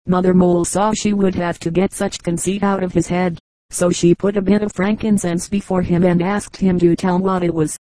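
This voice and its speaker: Woman reading fables aloud, low steady voice, pretty flat, dry close sound. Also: brisk, dry recording, low-quality recording. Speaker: audiobook reader. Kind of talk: scripted storybook narration.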